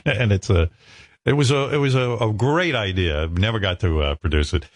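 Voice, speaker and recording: Man, radio host, casual joking chat, profane, low voice, dry sound. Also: moderate pace, no room sound. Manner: joking, profane, animated storytelling.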